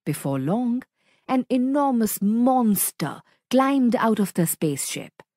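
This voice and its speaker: A woman reading a children's story aloud in a slow, expressive storytelling manner. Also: on the high side, no echo, clean studio sound. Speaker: storybook reader.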